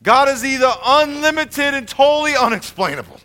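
A man teaching a Bible lesson in a lively sermon style, joking and swinging between loud and quiet. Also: brisk. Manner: animated, jokey, swings from loud to low.

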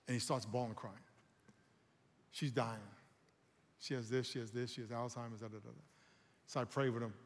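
A man preaching a sermon as pastor, animated and calling on the congregation to respond. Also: mid-range voice, long reverb tail.

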